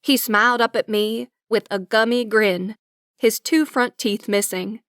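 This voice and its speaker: A woman narrating a romantic comedy audiobook in first person, with wry, lively storytelling. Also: fairly high pitch, a little slow, clear, resonant tone, no echo, clean studio sound.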